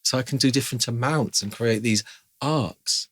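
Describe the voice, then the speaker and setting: A man's fairly bright, mid-range voice comes through at a moderate pace with no room sound. Teaching piano informally, he's chatty and sings rhythm syllables aloud mid-explanation.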